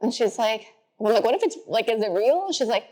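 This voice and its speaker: A young woman in her twenties, a podcast guest telling stories in a chatty way, filling her talk with "like" and jumping higher when she quotes people. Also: expressive, fairly quick, dark tone. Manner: chatty, says "like" often, acts out quotes in a high voice. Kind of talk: casual interview storytelling.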